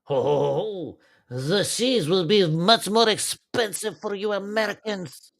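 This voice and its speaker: Man doing a haughty bureaucrat with a clumsy fake French accent, taunting and a touch high. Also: a little slow, creaky. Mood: mocking. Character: smug mocking male European official.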